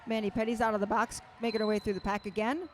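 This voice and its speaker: A woman announcing a roller derby bout live, making brisk, matter-of-fact calls with dry quips. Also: medium pitch, little pitch movement, slight background noise. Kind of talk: live sports commentary.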